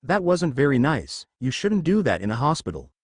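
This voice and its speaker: A man reading aloud and voicing a gentle, soft-spoken young male werewolf friend in a storybook reading. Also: fairly high pitch, sing-song, moderate pace, husky, no room sound, studio quality. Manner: soft and earnest.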